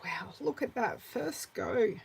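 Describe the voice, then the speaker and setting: A woman in her forties with an Australian accent, chatting through a live card-making class, answering viewers by name and muttering softly to herself as she works. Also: fairly high pitch, animated, slow, creaky, breathy edge, low-quality recording. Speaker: craft demonstrator.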